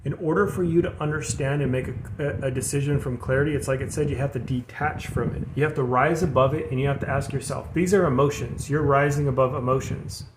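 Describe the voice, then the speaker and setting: A man's voice: medium pitch, steady tone, fast, hardly any pauses. A man giving a casual spiritual tarot reading, earnest and rambling, often repeating himself and calling his viewers "you guys". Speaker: tarot reader. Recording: echoey room with background noise.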